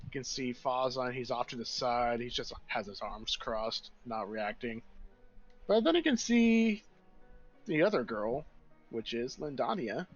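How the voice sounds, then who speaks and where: A man narrating a tabletop game as game master, animated, voicing the characters in his story. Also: medium pitch, a little slow, dull audio, soft background music.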